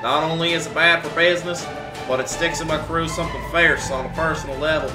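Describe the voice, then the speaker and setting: A man's voice: fairly high pitch, steady tone, quick pace, reverberant, over music, natural voice, poor audio. A man voicing a folksy older male Texan team owner with a put-on drawl and cowboy sayings. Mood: stern. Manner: homespun cowboy sayings, salesman-like.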